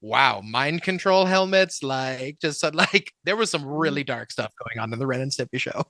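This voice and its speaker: A man with a bright, forward voice co-hosts a podcast. He speaks hesitantly, full of fillers, with a dry close sound. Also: mid-range voice, fairly quick, dry recording. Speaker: podcast co-host. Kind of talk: casual podcast chat.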